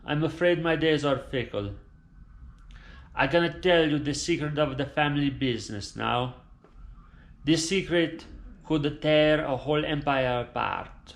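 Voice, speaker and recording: A man's voice: fairly high pitch, measured pace, gravelly. A man voicing a dying father who speaks in a grave, mock-solemn way. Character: dramatic dying Italian-American father. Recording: roomy echoing room.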